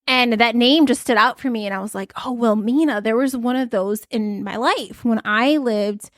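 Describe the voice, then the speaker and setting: A young pregnant woman talks through wellness tips in a loose, rambling way, full of fillers. Her voice sits a little high. The recording is close and dry, with no room sound. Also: normal speed, no echo. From United States. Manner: chatty, rambling, many fillers. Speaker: podcast host. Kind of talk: casual podcast chat giving tips.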